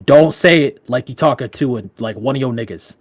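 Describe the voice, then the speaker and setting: A man on a podcast giving casual dating advice in loose, profane slang, laughing often and jumping up in pitch when he tells a story. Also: fairly quick, no echo, studio quality. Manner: animated, with big jumps in pitch when telling stories. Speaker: podcast co-host.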